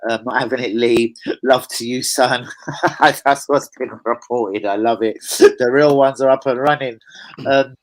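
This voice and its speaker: A man hosts a live football fan stream at a middle pitch. He chats loosely and swears often, hopping between the guest and the viewer comments. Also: fairly even intonation, measured pace, low-quality recording. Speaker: fan channel host. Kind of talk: live football preview chat.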